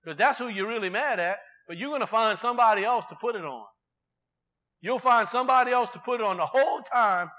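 A man's voice: sits high, animated, fairly quick, bright, forceful tone. A man preaching a sermon in a conversational way, asking the congregation rhetorical questions.

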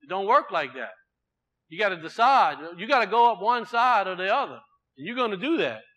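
A male preacher delivers a sermon in a high, bright, forceful voice. He swings between loud proclaiming and quiet, low asides, and he often repeats his words for weight. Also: sing-song, brisk, low-quality recording.

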